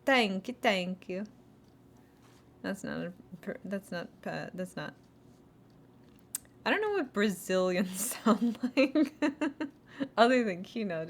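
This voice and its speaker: A woman's voice: medium pitch, lively intonation, takes it slowly, long pauses. A young woman streaming and chatting casually, rambling with many restarts and little giggles. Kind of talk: casual chat.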